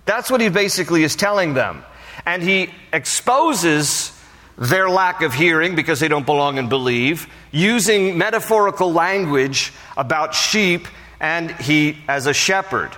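A man's voice: a little high, animated, measured pace, pushed and bright. A man, a pastor, teaching a Bible study with earnest, conversational explanation and light asides. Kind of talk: sermon with scripture reading and prayer. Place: church. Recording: long hall reverb.

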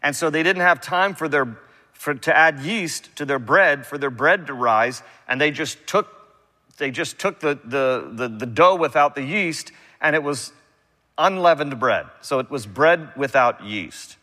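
A male pastor teaches through a passage in a relaxed, animated way, tossing in casual asides between verses. His voice is bright and forceful, and it rings out with a long reverb through the church sanctuary. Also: on the high side. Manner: conversational, animated preaching with quick asides. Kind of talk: verse-by-verse sermon.

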